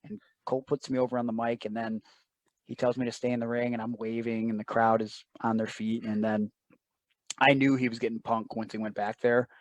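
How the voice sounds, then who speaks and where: A man's voice: medium pitch, level tone, fairly quick, no echo. A man telling a personal story as an interview guest, earnest and emotional, often quoting others in asides.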